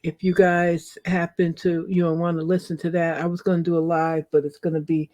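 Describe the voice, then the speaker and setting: High-voiced chatty male show reviewer. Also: monotone, fairly quick, a little mellow. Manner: chatty, rambling with many fillers. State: feeling unwell. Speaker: reality show reviewer and host. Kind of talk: casual solo podcast chat. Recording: dull lo-fi sound.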